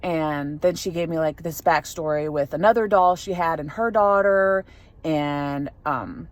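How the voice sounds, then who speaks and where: A woman's voice: deep voice, measured pace. A young adult woman telling a story in a casual vlog, rambling with lots of fillers and restarts. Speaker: vlogger.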